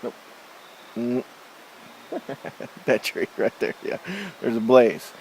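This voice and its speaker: A man's voice: mid-range voice, steady tone, slow, gravelly, darkish tone, rough recording. A man with an ordinary mid-range voice narrates a casual hiking vlog outdoors beside a forest creek, recorded on a handheld camera. He rambles and thinks aloud, correcting himself mid-sentence. A faint hiss sits under the recording. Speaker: hiker filming his trip.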